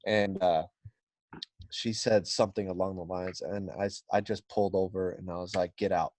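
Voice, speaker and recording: A man's voice: low-pitched, flat delivery, normal speed, darkish tone, dry recording. A man telling a story as a podcast guest, swearing freely and acting out the quotes. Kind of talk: casual storytelling.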